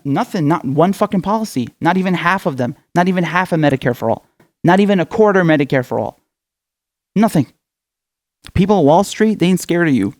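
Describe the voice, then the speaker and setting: A man's voice: a little high, a little mellow, dry recording, studio quality. Profane, fired-up male political ranter. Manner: profane, angry, lecturing directly to viewers. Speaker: political commentator, show host. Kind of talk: impassioned political rant.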